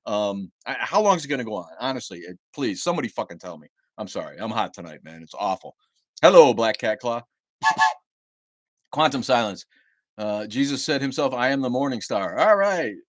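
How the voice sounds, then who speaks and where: A man's voice: mid-range voice, big pitch swings, moderate pace, dry recording. A man hosting his own livestream, talking heatedly and with lots of swearing, often repeating and restarting words. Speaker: livestream host. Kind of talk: angry livestream rant. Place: home livestream setup.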